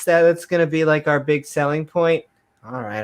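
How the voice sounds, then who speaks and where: A man's voice: fairly high pitch, steady tone, normal speed, clean tone. A man hosting a comedy show, reading old scripture aloud in a mock-grand voice and mocking it. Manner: sarcastic, reads archaic verses in a mock-grand voice. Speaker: host.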